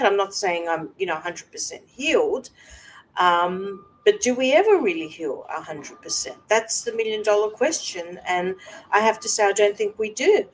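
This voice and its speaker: A woman host talking personally to camera, soft and halting with many fillers, at times close to tears. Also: mid-range voice, low-quality recording. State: emotional, close to tears at moments. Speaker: wellness coach and video host.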